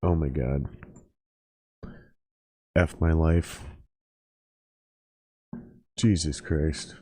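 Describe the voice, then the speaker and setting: Low-voiced man grumbling and swearing. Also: steady tone, extremely slow, darkish tone, no room sound. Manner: swearing, exasperated, talks to himself. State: drinking while talking. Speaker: podcast host. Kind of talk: casual profane rant and phone chat.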